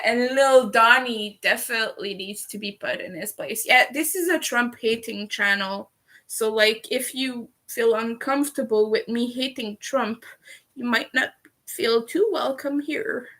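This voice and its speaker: A woman's voice: fairly high pitch, fairly bright tone. A Canadian woman hosting a casual livestream while she crochets, chatty, laughing often and swearing casually. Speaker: livestream host.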